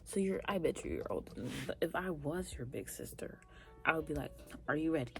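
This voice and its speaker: A young woman with a low, warm voice reacts in animated, casual commentary, talking straight to her viewers. She often drops into breathy half-whispered asides, with faint music playing underneath. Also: fairly quick. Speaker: reaction vlogger.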